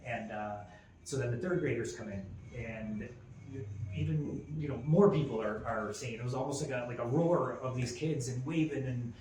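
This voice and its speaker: A man's voice: medium pitch, normal speed, darkish tone. A man in his forties tells a personal story on a podcast in a mid-range voice. He rambles, doubling back with fillers and restarts. The room is echoey, with a faint ambient hiss underneath. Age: 40s. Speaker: podcast co-host. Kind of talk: casual chat. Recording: roomy echo with faint ambient noise.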